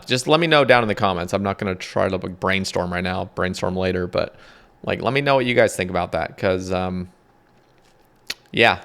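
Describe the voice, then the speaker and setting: A young man rambling casually about game updates, excitable, swearing often, reading notes aloud. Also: on the low side. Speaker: gaming content creator.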